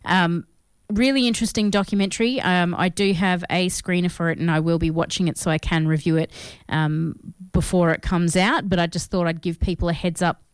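An Australian woman co-hosting a podcast, chatting casually about films in an animated, self-deprecating way. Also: lowish voice, a little fast, clear, resonant tone, no echo, clean studio sound. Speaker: podcast co-host.

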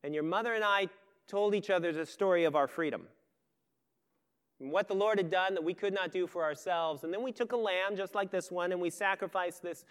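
A man preaching acts out a solemn father who speaks gently and earnestly to his son. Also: sits high, brisk, clear, resonant tone. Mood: tender. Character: solemn, tender father telling his son their story.

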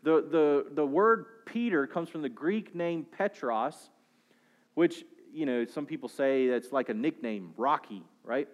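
Pastor, male, mid-high register; preaches an explanatory sermon, varies pace and volume. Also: a little slow, dull audio. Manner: explanatory preaching with rhetorical questions, pace and volume rising and falling.

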